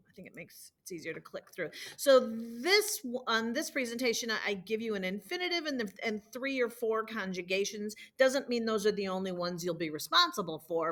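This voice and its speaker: A woman's voice: mid-range voice, a bit bright. Female teacher recording a screen-share lesson, patient drilling tone. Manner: patient, drilling conjugations aloud. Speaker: Spanish teacher. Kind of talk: recorded homework walkthrough.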